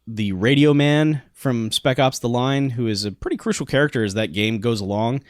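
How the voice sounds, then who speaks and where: A man chatting loosely about games on a podcast, wandering through his thoughts and often breaking into laughter. His voice is mid-pitched and recorded close, with hardly any room sound. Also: moderate pace, no echo. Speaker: podcast co-host. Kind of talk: casual chat.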